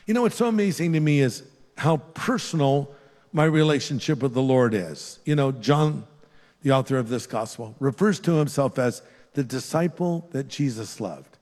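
An earnest older pastor closes his sermon with an altar-call prayer before a live congregation in a large, reverberant church hall. His male voice sits at medium pitch and moderate pace, pleading as he lifts it on key phrases and drops it soft for prayer.

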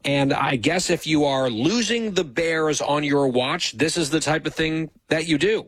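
A man's voice: fairly high pitch, measured pace, few pauses, a bit bright, no echo. A man hosting a political talk show, commenting in a dry, sarcastic way. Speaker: host.

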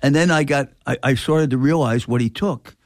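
A man's voice: mid-range voice, moderate pace, no echo, studio quality. An older man, a record store owner telling a story in casual chat, acting out the voices of people in it. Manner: animated, acts out quoted dialogue.

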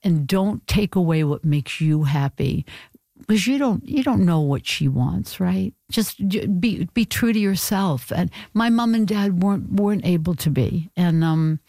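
A woman's voice: on the low side, lively intonation, unhurried, mellow, no echo. A woman in her seventies, a guest in a radio interview, talking in a chatty, emotional way and laughing easily. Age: 70s.

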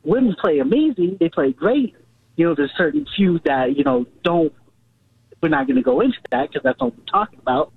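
Male phone-in caller, husky with fry, lively intonation, phone-line sound. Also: sits high, fairly quick, no echo. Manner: earnest, repetitive. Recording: tinny phone line, dry.

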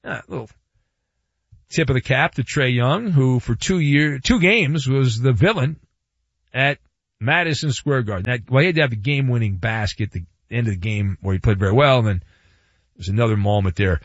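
A man's voice: medium pitch, normal speed, no room sound. A man hosting a sports talk radio show, delivering a playful, wry monologue full of asides and repetition. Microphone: studio microphone. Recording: dry, slightly dull radio studio sound.

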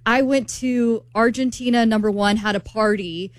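Lively woman telling a story. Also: on the high side, normal speed, no echo. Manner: animated storyteller, acts out dialogue. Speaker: co-host. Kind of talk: casual chat, storytelling.

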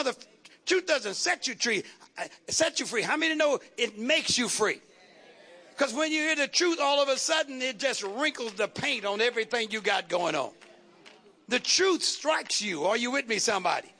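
A man preaching a call-and-response sermon, building rhythmic repeated lines into shouted refrains. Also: very high voice, expressive, normal speed.

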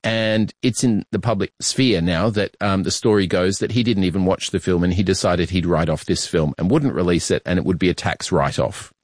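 Low-voiced male interviewer, dry sound. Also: no echo. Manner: measured, probing questions. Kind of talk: interview questions.

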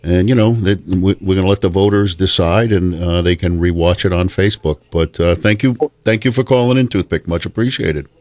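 A man hosting a call-in radio talk show, taking callers in a relaxed, halting way with restarts. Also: low voice, no echo.

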